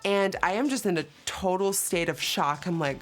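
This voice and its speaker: Lively woman telling a story. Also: lowish voice. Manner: animated, acts out quotes, fast asides. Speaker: beauty vlogger. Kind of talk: casual storytelling while doing makeup.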